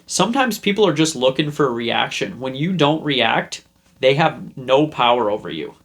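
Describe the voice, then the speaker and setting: A man's voice: mid-range voice, animated, normal speed, a bit bright. A young man hosting a self-help video, chatting casually and rambling through a story he acts out. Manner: rambling, acts out scenes in put-on voices. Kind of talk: casual talk to camera.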